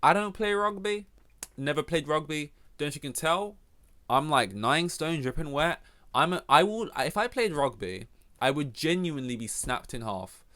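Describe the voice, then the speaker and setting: A man's voice: a little high, lively intonation, moderate pace, sharp tone. A young man with an English accent, hosting a solo podcast and rambling through a casual, profane, self-mocking rant. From England. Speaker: podcast host.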